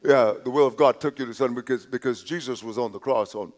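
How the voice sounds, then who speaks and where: A man preaching a sermon from the pulpit, his voice sitting in a middle pitch. He talks to the congregation conversationally, repeating words and restarting phrases. He drops to soft asides, then lifts his voice on the points he stresses. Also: quick pace. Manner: drops to quiet asides, rises on emphasis. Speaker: pastor.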